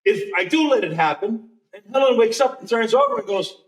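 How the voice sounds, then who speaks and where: A man telling a ghost story to a live audience, animated and laughing through his own tale. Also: sits high, a little fast. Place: curiosity shop event with live audience. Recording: echoey room, far from the mic.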